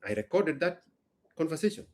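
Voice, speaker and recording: A man's voice: fairly high pitch, big pitch swings, brisk, a little mellow. A man, a business owner hosting a casual chat, telling a story emphatically and bluntly. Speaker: business owner and show host.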